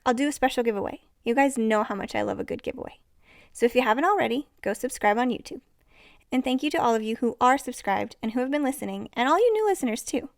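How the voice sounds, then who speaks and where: A woman's voice: fairly high pitch, dry recording, clean studio sound. A woman hosting a podcast, talking in a bubbly, effusive way to her listeners. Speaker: podcast host. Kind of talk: casual podcast chat.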